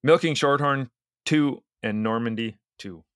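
A man co-hosting a farming podcast in relaxed conversation. He reads out lists of numbers in an even, steady way. The sound is dry and close, with no room echo. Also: mid-range voice, measured pace, smooth. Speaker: podcast co-host. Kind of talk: casual podcast chat.

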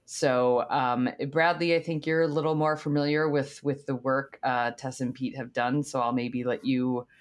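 A woman with a low voice co-hosts a farming podcast. She puts playful questions to the guests in an upbeat, easygoing way. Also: fairly even intonation, normal speed, few pauses. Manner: upbeat, laughs easily between questions. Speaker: podcast co-host. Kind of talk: casual podcast chat.

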